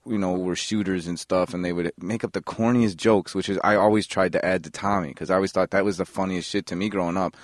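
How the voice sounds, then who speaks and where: A man with a Chicago accent, a guest actor on a casual podcast interview, talking in an animated way with many restarts and some swearing. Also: low voice, fast talker, few pauses, dry recording, studio quality. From Chicago, United States.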